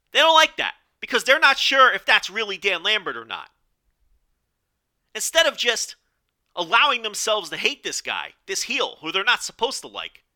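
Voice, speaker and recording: A man hosting a solo podcast, talking in a bright, forceful voice that sits a little high for a man. He rambles through his opinions, tossing in "okay?" and restarting sentences. His voice is strained and hoarse. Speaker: podcast host.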